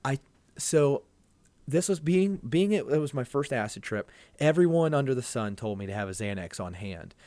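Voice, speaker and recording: A man's voice: medium pitch, expressive, moderate pace, warm tone, no room sound. A man telling a long personal story as a podcast guest, earnest and rambling, often restarting his sentences. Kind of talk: casual conversation.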